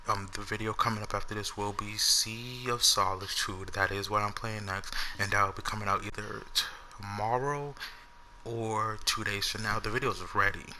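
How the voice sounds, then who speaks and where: A man's voice: fairly low pitch, sharp tone, a little hiss or hum, rough recording. A young man and YouTuber telling an unscripted story to his viewers in a loose, slangy, rambling way. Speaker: gaming YouTuber.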